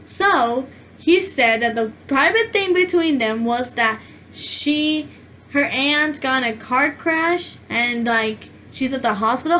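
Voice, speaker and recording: Chatty high-voiced woman telling a story. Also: measured pace, a bit bright, slight background noise. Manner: rambling, chatty, heavy use of "like". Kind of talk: casual storytime chat.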